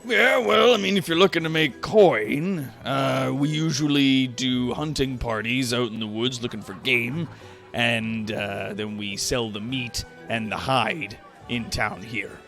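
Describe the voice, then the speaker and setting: A man voicing a boisterous, friendly male troll gambler in a tabletop game who talks loud and hearty. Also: medium pitch, measured pace, vocal fry, faint music behind. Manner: loud, hearty and good-natured.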